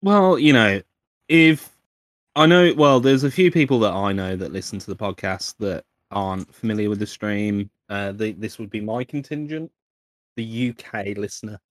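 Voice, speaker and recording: A man's voice: on the low side, moderate pace, no echo, clean studio sound. A British man co-hosting a casual podcast, joking and swearing, often breaking into mock voice-assistant impressions. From United Kingdom. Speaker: podcast co-host.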